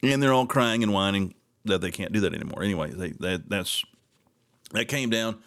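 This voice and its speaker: A man's voice: on the low side, normal speed, a bit bright. A man hosting local talk radio, venting in an exasperated, sarcastic ramble. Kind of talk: casual talk radio monologue.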